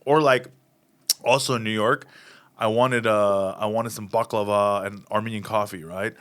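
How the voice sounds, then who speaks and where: A stand-up comedian in his thirties tells anecdotes during a casual interview, animatedly acting out the voices of the people involved. His voice is lowish, at a moderate pace.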